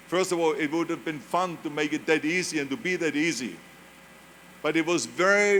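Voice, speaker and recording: A man's voice: on the high side, a bit bright, slight background noise. Older man with a German accent. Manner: emphatic storytelling with repetition. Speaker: commencement speaker. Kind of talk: motivational speech. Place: large graduation ceremony venue.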